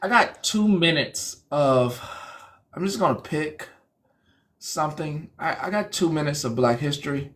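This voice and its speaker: A man's voice: fairly high pitch, expressive, a little slow, fairly bright tone, a little hiss or hum. A man hosting a casual call-in show, laid-back and laughing often, sometimes losing his train of thought. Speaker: host of an online call-in show. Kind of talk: casual live-stream chat.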